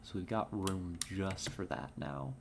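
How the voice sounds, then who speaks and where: Slow, laid-back Californian woman streamer. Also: a bass voice, expressive, noisy background. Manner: laid-back, giggly, chats with viewers. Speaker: game streamer. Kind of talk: casual live-stream chat. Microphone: headset.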